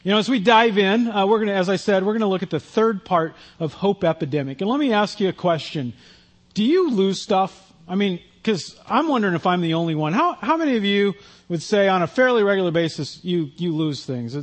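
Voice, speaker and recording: A man's voice: high-pitched, animated, a little fast. A man preaching a sermon, telling a self-deprecating personal story in a conversational way. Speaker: pastor.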